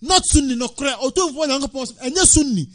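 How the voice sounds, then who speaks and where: High-voiced animated man. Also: a little fast. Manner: animated and preachy, shouting at times. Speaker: Islamic radio presenter. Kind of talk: religious talk show.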